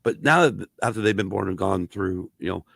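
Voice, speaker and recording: Brief: middle-aged male podcast host, gravelly, lively swearing storyteller, dry close sound. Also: deep voice, a little fast, dry recording. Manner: profane, animated storyteller. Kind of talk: casual storytelling chat.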